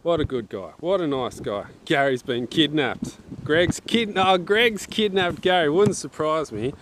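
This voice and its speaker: A man with a slightly raised pitch talks casually and jokes as he hosts a live stream. He reads viewer messages aloud while he shoots arrows outdoors, with faint wind in the background. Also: animated, measured pace. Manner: chatty and joking, reads viewer chat aloud. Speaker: archery livestream host. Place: outdoors at an archery range in wind. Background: wind noise.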